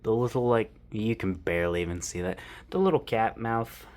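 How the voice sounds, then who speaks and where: A man's voice: lowish voice, moderate pace, darkish tone. A man giving casual, rambling commentary while he draws, thinking aloud to himself and poking fun at himself. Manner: casual and self-mocking. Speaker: artist drawing on camera.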